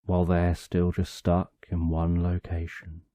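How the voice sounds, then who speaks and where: A man narrating a bedtime story for sleep, calm and drawn out, in short phrases with long pauses. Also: low voice, dry recording, studio quality.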